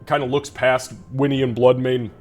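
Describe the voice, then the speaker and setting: A man's voice: mid-range voice, level tone, normal speed, faint music behind. A man running a tabletop game as game master, narrating in a loose, casual way and cursing freely.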